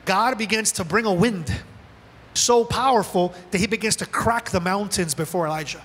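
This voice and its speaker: Male pastor, high bright voice, animated sermon delivery, reverberant church hall. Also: normal speed, husky. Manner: animated preaching, voicing God and Elijah in quoted lines. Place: church auditorium. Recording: large hall with long reverb.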